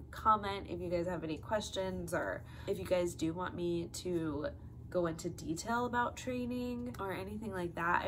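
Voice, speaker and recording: A woman's voice: on the low side, a little hiss or hum. A young woman in her twenties, casually telling a personal story to the camera, chatty, with lots of fillers. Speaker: vlogger, flight attendant.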